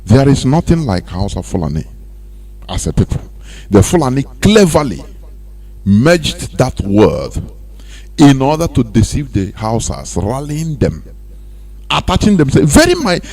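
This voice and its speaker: Nigerian man, radio host, lively up-and-down pitch, animated talk with pidgin asides. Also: measured pace, long pauses.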